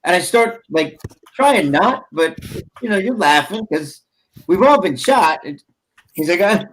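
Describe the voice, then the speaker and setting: High-voiced man telling a funny story. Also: unhurried, pauses often, slight background noise. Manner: animated storyteller, laughs often, acts out quotes. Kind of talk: casual storytelling chat.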